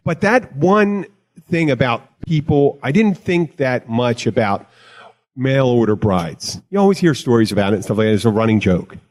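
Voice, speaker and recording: Male podcast host, mid-pitched, loose and jokey, wanders off mid-sentence. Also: expressive, moderate pace, darkish tone. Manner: rambling, jokey, self-interrupting. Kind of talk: casual chat.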